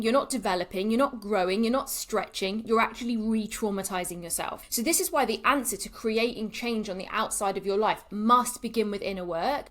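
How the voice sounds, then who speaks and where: A woman, a coach speaking to camera in a candid, emphatic monologue that swears freely and repeats for effect. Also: on the high side.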